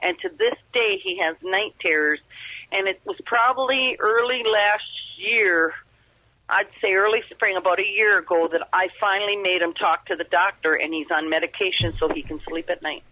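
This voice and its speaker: A woman's voice: mid-range voice, animated, normal speed, dry recording. A middle-aged woman from Upper Michigan calling in, telling a long story in a rambling, earnest way with many restarts. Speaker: caller telling an encounter story. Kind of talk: rambling phone testimony. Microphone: telephone. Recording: phone line.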